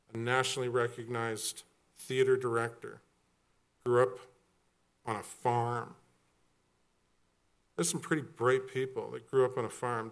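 A middle-aged man preaching a sermon as pastor, animated and joking, with quick storytelling asides. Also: medium pitch.

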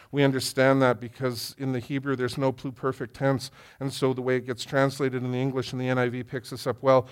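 A man's voice: mid-range voice, clean tone. A middle-aged male pastor reading scripture aloud and then preaching a sermon that builds to impassioned emphasis. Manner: reads scripture then preaches with rising intensity.

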